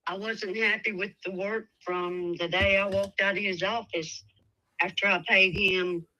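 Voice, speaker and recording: Female caller with a Tennessee accent, very slow, bright, soft-spoken. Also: medium pitch, fairly even intonation, rough recording. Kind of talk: phone call to a show.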